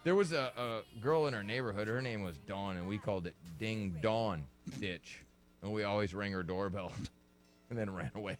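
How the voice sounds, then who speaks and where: A man's voice: lowish voice, moderate pace, faint music behind. A man hosting a call-in radio show, teasing callers and laughing often. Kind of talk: joking call-in radio banter.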